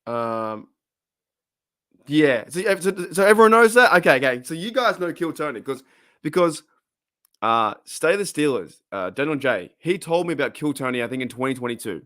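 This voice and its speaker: An Australian man streams casually at a moderate pace, his fairly high, fairly bright voice swinging widely in pitch. Rambling and talkative, he reads out the chat and laughs frequently, recorded in studio quality with no room sound.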